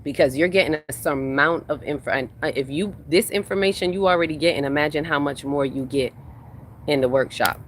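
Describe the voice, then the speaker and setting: Speaking a little fast at medium pitch, a spiritual workshop host keeps a livestream casual, reading viewers' comments aloud and replying while repeating phrases for emphasis. A slight hiss or hum is audible.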